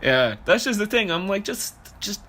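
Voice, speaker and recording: A young man co-hosting a podcast, talking in loose, animated banter and swearing freely. His voice is bright and forward, with a faint hum of room noise behind it. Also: high-pitched, moderate pace. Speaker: podcast co-host.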